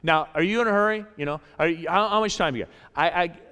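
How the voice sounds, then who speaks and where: Casting: male pastor, high clear voice, lively sermon delivery, long church-hall reverb. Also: fast talker. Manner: animated, repeats phrases, acts out voices in quotes. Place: church sanctuary.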